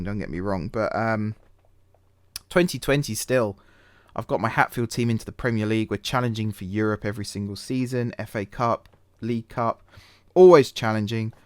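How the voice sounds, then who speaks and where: For his gaming channel, a low-voiced man plays a management game and chats casually, rambling with frequent fillers and restarts and poking fun at himself. There is no room sound in the recording.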